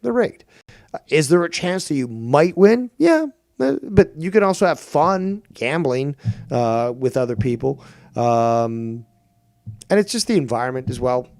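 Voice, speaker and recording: Fel scheldende streamer, droge opname. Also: male voice, mid-range voice, lively intonation, unhurried, a little mellow, dry recording, clean studio sound. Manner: profane, exasperated, mocks others in whiny put-on quotes. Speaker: streamer and show host. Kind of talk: ranting live-stream commentary.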